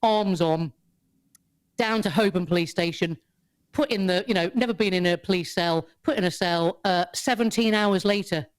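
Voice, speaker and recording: A woman, a podcast guest who tells a story in casual chat, animated, swearing freely and laughing often. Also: on the low side, normal speed, clear, resonant tone.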